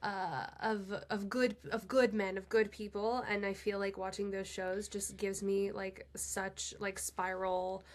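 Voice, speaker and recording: Woman podcast guest, mid-pitched, hesitant and halting in casual talk. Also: little pitch movement. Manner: halting, hesitant, many fillers and restarts. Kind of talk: casual chat.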